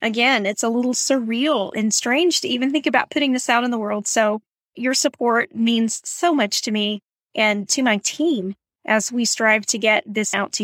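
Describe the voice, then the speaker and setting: A woman's voice: on the high side, no room sound. Texan woman hosting a podcast, dry sound. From Texas. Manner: friendly, storytelling, chatty with fillers. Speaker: podcast host. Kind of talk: casual podcast monologue.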